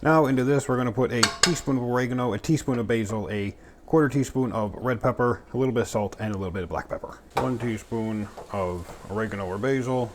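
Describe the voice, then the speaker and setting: A man's voice: mid-range voice, fast talker. Jokey man cooking in a noisy kitchen. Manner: jokey, chatty, talks to himself while cooking. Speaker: home cook. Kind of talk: casual cooking demo. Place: home kitchen. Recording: clattering pans and utensils behind.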